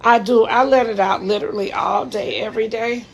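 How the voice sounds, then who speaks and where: A woman's voice: a little high, fairly even intonation, fairly quick, gravelly, muffled recording. A woman in her thirties, livestreaming from home into her phone in a casual, heartfelt chat, talking straight to her viewers.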